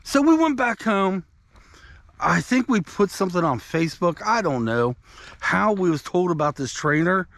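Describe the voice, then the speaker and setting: A man's voice: high voice, very animated, normal speed, vocal fry, a bit bright, dry recording. A man vlogging outdoors on a country walk, telling a rambling, conversational story to his viewers. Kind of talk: casual storytelling while walking.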